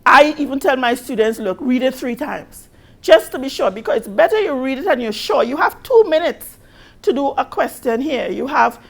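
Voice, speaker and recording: A woman with a Caribbean accent, a biology teacher giving an exam review lesson, patiently rereading questions slowly and stressing key words. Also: sits high, animated, gravelly. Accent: Caribbean English.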